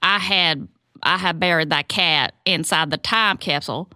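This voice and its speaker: Hesitant Southern townswoman, played by a woman, low-ish bright voice, close and dry. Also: a little slow, no room sound. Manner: hesitant, full of ums and uhs. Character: Southern townswoman, faux-French, meek and odd. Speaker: guest. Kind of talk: improv comedy podcast.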